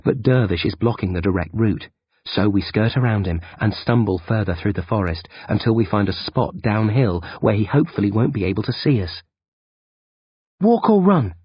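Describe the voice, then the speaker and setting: Brief: man reading a first-person thriller audiobook, raspy low voice, dry and muffled sound. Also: a little fast, no room sound. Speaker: audiobook narrator. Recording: dull, dry lo-fi recording.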